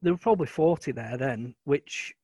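A man's voice: mid-range voice, moderate pace, dark tone, breathy edge, no room sound. A man talking casually as a guest about his early cricket years, hesitant with many ums. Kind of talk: casual chat.

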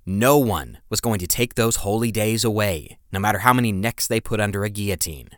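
A man with a low voice narrates a scripted history podcast, leaning into each phrase with dramatic emphasis and the odd playful aside. The recording is close and dry, with no room around the voice. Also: fairly quick, fairly bright tone, no room sound. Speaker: podcast host.

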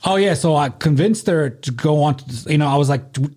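A man's voice: fairly high pitch, a little fast, a little mellow. A man telling rambling, profane stories in a casual podcast chat.

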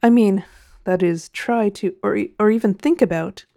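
A woman's voice: fairly high pitch, animated, a little slow, mellow, no echo, clean studio sound, voice pushed up. A woman voicing a tired male rocket captain who pleads hesitantly for recognition. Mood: pleading.

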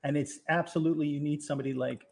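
A man in a casual film discussion, speaking haltingly and often trailing off mid-thought. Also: on the high side, steady tone, darkish tone, slightly rough.

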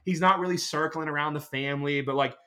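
Man, casual podcast chat, rapid delivery, forceful bright tone, animated rambling storyteller. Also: fairly high pitch.

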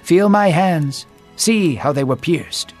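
Man doing Jesus, calm male teacher, gentle, reassuring, storybook reading, faint music. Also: fairly high pitch, slow pace.

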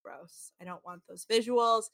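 Animated, bright-voiced woman podcaster. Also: on the high side, measured pace, no echo. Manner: animated storytelling, frequent "like", acts out quotes. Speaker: podcast co-host. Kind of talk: casual chat recapping a reality show.

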